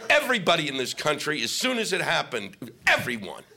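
A man's voice: a little high, wildly swooping pitch, brisk, creaky, bright, forceful tone. A male stand-up comic doing a profane, ranting set on stage into a microphone. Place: comedy stage with audience laughing.

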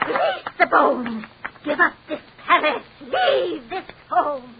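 A woman playing a sinister fortune teller in an old-time radio drama, slowly chanting spells. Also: high-pitched, wildly swooping pitch, heavily acted. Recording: hissy lo-fi old radio recording.

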